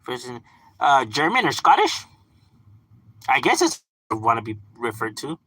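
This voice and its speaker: A man's voice: medium pitch, big pitch swings, measured pace, sharp tone, no room sound, rough recording. A man chatting casually on a live stream, swearing freely, laughing often and filling his talk with "like" and "you know.". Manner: loose and profane, laughs often, lots of fillers; chatting back to unseen viewers.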